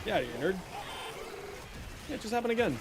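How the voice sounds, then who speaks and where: A young man livestreaming a game, talking casually with chat and ribbing his viewers. His voice sits fairly high and swings up and down a lot. Clear game noise runs behind him. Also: a little fast. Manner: animated, reacts to chat and teases viewers. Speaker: streamer. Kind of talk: casual live-stream chat while gaming.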